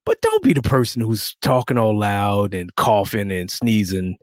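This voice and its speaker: A man co-hosting a podcast, relaxed and playful, running through news items and steering the talk. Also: lowish voice, moderate pace, no echo, studio quality. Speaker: podcast co-host. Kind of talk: casual chat and news rundown.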